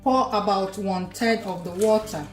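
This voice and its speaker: A woman's voice: medium pitch, unhurried, soft background music. Middle-aged woman, Igbo-accented Nigerian English, easygoing cooking host who keeps confirming herself with "yeah". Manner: chatty, tacks on "yeah" and "yes" to confirm her points; playful, laughs between steps. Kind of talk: cooking tutorial.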